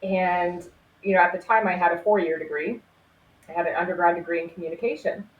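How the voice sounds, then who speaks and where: A woman's voice: lowish voice, fairly quick, phone-quality sound, slight background noise. Earnest woman in a roomy echo. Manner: earnest, laughs easily. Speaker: guest, former crime scene investigator. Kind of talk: conversational storytelling interview. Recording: roomy echo with faint ambience.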